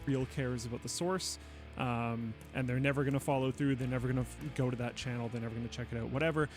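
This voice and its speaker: A man's voice: medium pitch, steady tone, quick pace, music in the background. A man co-hosting a tech talk show, speaking hesitantly with many restarts. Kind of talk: casual podcast discussion.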